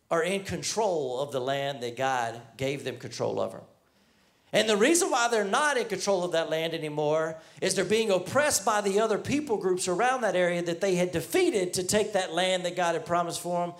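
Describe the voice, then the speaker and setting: A man with a high voice preaching a sermon. He retells a Bible story in relaxed, everyday language and gives the figures' lines in his own plain voice.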